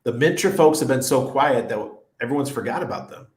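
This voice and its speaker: A middle-aged man hosts a casual crypto livestream, reading viewer comments and rambling through anecdotes while laughing frequently. His medium-pitched voice runs a little fast, and the recording has a roomy echo.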